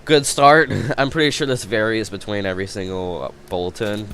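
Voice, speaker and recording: A man's voice: on the low side, fairly even intonation, fairly quick, over music. A man casually chatting as he reacts to videos, rambling and laughing often as he thinks aloud. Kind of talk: casual chat.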